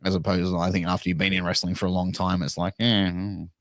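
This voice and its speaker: A man's voice: low-pitched, completely flat delivery, rapid-fire, fairly bright tone, no echo. A middle-aged Australian man, a wrestling manager and podcaster, telling rambling stories bluntly and with plenty of swearing in a casual interview. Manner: blunt, profane, rambling storyteller.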